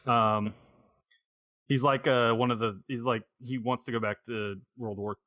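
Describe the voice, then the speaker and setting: A man's voice: medium pitch, fairly even intonation, measured pace, a bit bright, no echo. Podcast host, male, mid-range voice, loose rambling delivery, dead-dry room. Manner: rambling, thinking aloud. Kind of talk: casual podcast chat.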